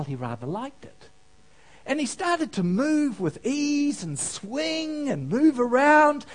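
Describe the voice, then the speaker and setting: Male preacher, sermon storytelling, lively up-and-down pitch, unhurried pace. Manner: storytelling, asks the audience questions, laughs at own jokes. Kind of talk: sermon with a humorous parable.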